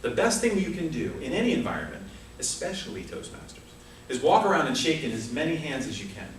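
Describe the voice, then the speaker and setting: A man with a fairly high voice and big pitch swings speaks at a quick pace, giving a rehearsed comic speech with funny asides at a speaking club. It was captured from far off in an echoey meeting room, with slight hiss or hum.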